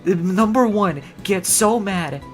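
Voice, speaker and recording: A woman's voice: mid-range voice, lively intonation, slow pace, soft background music. A woman streamer chatting casually on a livestream, rambling in a wry, sarcastic way.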